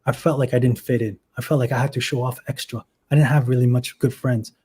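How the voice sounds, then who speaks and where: A man's voice: mid-range voice, fairly even intonation, quick pace, warm tone, husky. A man in his twenties on a video call, telling his story earnestly and with emotion in a casual livestream chat. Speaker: guest.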